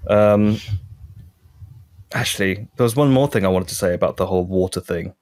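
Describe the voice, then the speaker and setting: A man's voice: low voice, moderate pace, darkish tone. A man co-hosting a casual podcast chat, laughing often and trailing off mid-sentence. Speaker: podcast co-host.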